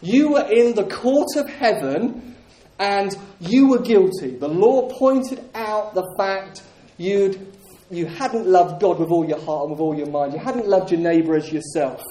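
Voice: medium pitch, animated, measured pace, warm tone. A preacher delivering a sermon, emphatic and repeating key phrases, with jokes for the congregation. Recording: roomy echoing hall.

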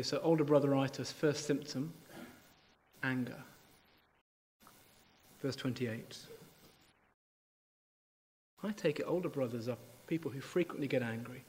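A man's voice: on the high side, long reverb tail, a little hiss or hum. A man preaching a sermon, reading a scripture passage and animatedly acting out its characters in a conversational way.

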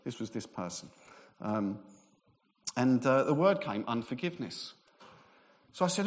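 A man preaches in a loose, storytelling manner, slipping into the voices of the people in his anecdotes. His voice sits at an ordinary pitch, and it rings out with the long reverb of a large church hall. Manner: conversational storytelling, acts out quoted voices. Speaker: minister. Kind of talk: sermon with personal stories.

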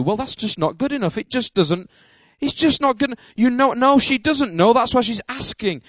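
A man preaching a sermon at a church service, emphatic, with repeated amens and bursts of shouting. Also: high voice, lively intonation, fairly quick, dry recording. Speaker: pastor.

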